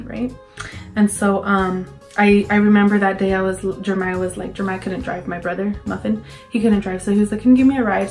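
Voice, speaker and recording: A young woman telling a casual story-time tale, chatty and full of fillers, acting out her own panicked quotes. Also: mid-range voice. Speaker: vlogger.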